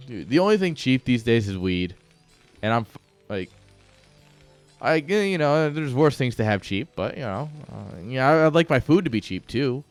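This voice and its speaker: A man's voice: medium pitch, very animated, moderate pace, no echo, soft background music. A man casting a strategy game on a live stream, rambling off-topic and joking at his own expense. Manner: rambling, joking asides, chuckles at himself. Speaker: esports caster.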